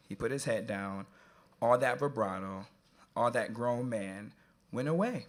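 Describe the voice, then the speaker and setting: A man moderating a live event, telling an animated, jokey story to the audience that turns quiet and earnest. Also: mid-range voice, moderate pace.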